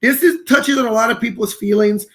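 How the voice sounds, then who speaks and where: A man's voice: extremely high pitch, brisk, fairly bright tone. A man co-hosting a podcast, talking earnestly and personally in casual chat. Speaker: podcast co-host.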